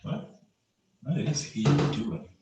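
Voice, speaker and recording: A man's voice: medium pitch, slow, very noisy, lightly acted. A man reading the part of a sarcastic, combative young police officer in a play reading over a video call. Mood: bickering. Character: young male cop, sarcastic and proud. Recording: roomy echo on the voice.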